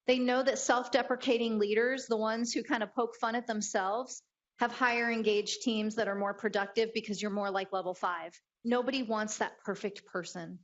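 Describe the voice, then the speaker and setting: Animated woman giving a motivational talk. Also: a little high, moderate pace, lo-fi sound. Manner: animated storyteller acting out quotes. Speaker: keynote speaker.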